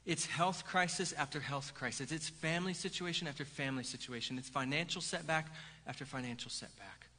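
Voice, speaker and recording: A pastor preaching a sermon in a lively, conversational way, with "right?" asides to the congregation. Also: male voice, a little high, fairly quick. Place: church sanctuary. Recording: hall reverb.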